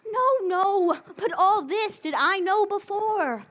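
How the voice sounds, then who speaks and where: A woman's voice: very high-pitched, animated, slow, a bit bright, full character voice. A woman playing an impatient, lovestruck young girl in an outdoor Shakespeare performance, pleading and declamatory. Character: impatient young female lover, eager, lovestruck. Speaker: stage actor.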